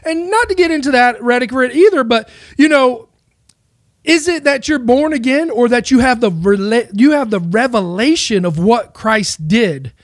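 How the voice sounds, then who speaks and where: A man's voice: very high voice, animated, normal speed, dry recording, studio quality. A man giving a casual, rambling monologue on faith, with many rhetorical questions. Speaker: Christian speaker.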